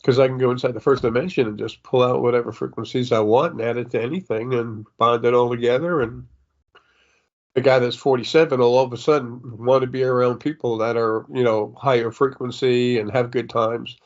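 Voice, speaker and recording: An older man speaks as a psychic medium in a meandering spiritual monologue, stopping and restarting often with many fillers. He sniffles as he talks, and his voice sits at an average pitch for a man. The recording is dull and lo-fi. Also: fairly even intonation, a little fast, a little mellow.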